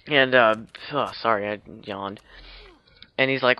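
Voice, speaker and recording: A man's voice: medium pitch, slow, clear, resonant tone, no room sound, highs cut off. A man casually retelling a film's plot for a video, rambling with lots of fillers and restarts, with teasing asides. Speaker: video blogger.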